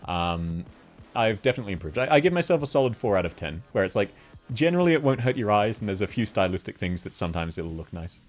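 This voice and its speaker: A man's voice: lowish voice, very animated, quick pace, faint music behind. A man from Australia with an Australian accent, chatting casually on a live stream, laughing often as he answers chat.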